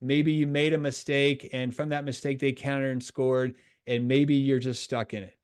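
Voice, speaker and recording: A man coaching young soccer players on mental skills, energetic and acting out the voices in their heads. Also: medium pitch, moderate pace, clean tone. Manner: energetic, acts out inner voices. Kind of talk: coaching talk to a youth soccer team.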